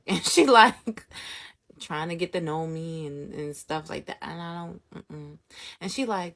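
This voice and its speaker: A young woman vlogger casually telling a story, animated, laughing often and acting out what people said. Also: on the low side, measured pace. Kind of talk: storytime vlog, casual retelling.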